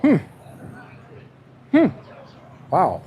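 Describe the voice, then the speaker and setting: A man in a put-on New York accent runs a confrontational street interview outdoors. His voice sits fairly high, and he needles strangers with leading questions, then mutters asides to his tripod camera. A faint street hum runs behind him. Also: huge pitch swings, drawn-out words, narrow, tinny audio.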